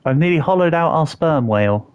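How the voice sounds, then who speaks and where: A young man with a slightly high, clean-toned voice talks expressively and fairly quickly while livestreaming a building game. He chats casually and answers viewers with self-deprecating jokes, over slightly dull audio with faint background music.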